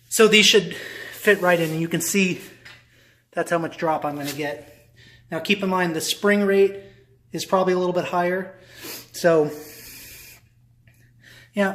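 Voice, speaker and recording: A man talking casually through his own car repair job in a DIY vlog, rambling and talking to himself as he works. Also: a little high. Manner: rambling, self-talking, chatty with restarts. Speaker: car hobbyist vlogger.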